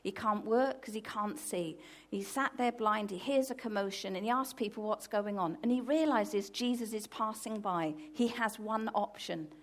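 A woman preaching a sermon from the UK, telling stories in a lively way with loud, emphatic bursts. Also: mid-range voice, moderate pace, few pauses.

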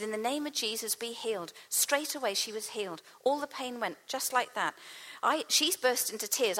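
A woman preacher tells her testimony with fervor, voicing each person in her story. Her voice sits fairly high, and a long reverb from a hall trails her words. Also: fairly bright tone. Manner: impassioned storytelling, acts out quoted speech.

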